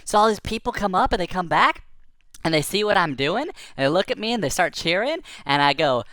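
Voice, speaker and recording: A woman's voice: lowish voice, very animated, brisk, fairly bright tone, no room sound, studio quality. A woman telling a silly first-person tall tale for kids, playful and exaggerated, breaking into sing-song chants. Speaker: storyteller.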